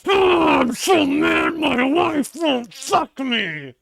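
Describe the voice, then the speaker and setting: A man putting on the voice of a ranting, angry conservative man, whining and shouting. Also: very high-pitched, lively intonation, very slow, creaky, no room sound, voice pushed up, heavily acted. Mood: whiny ranting. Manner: shouting, whiny mock rant.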